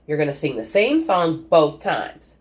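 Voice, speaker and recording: A woman's voice: low voice, sing-song, unhurried. A woman voicing a prim, fussy woman who bosses a child around with clipped instructions. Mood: bossy.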